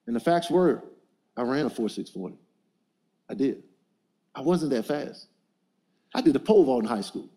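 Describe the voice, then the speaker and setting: A man's voice: a little high, expressive, normal speed, pauses often, mellow. A middle-aged man preaching to a men's gathering, leading call-and-response and telling stories with emphasis. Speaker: motivational speaker.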